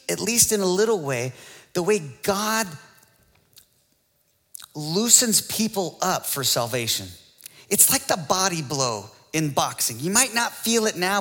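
A man preaching a sermon at a slow, deliberate pace, his bright voice pitched a little high. He swings from quiet teaching up into excited rhetorical questions. The sound carries the long reverb of a large hall. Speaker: pastor.

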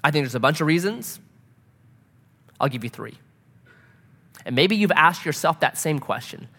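A middle-aged man preaching a sermon, telling stories in an animated way and swinging from loud to soft. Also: fairly high pitch, moderate pace. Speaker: pastor. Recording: long hall reverb.

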